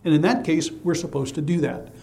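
A man's voice: a little high, a little fast, vocal fry, darkish tone. A man preaching a sermon as pastor, emphatic and conversational, asking rhetorical questions and answering them himself.

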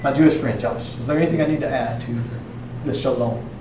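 Man, preacher, sermon, conversational with jokes, slows for emphasis, distant mic, faint room ambience. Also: mid-range voice, roomy sound, background noise.

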